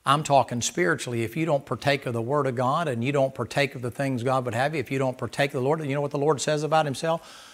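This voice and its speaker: A man preaching a sermon in a folksy, animated way, acting out little dialogues. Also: mid-range voice, fast talker.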